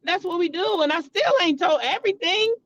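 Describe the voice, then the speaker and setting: High-voiced female commentary host, blunt, profane, heated; AAVE speech. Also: animated, a little fast, a bit bright, muffled recording. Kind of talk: casual commentary vlog.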